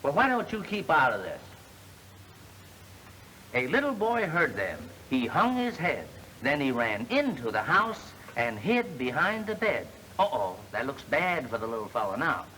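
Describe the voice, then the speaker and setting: A smart-aleck salesman from an old film comedy, glib, sharp bright tone. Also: mid-range voice, huge pitch swings, a little slow, slight background noise, full character voice, low-quality recording. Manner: glib, wisecracking, mock-solemn storyteller. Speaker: fast-talking salesman. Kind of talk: 1930s film comedy acting.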